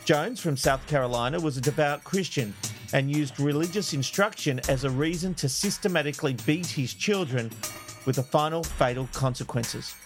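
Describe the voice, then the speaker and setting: A man hosting a podcast with a somewhat high voice, easygoing and wry, shifting from relaxed chat into scripted narration. Faint music sits underneath. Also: normal speed. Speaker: podcast host.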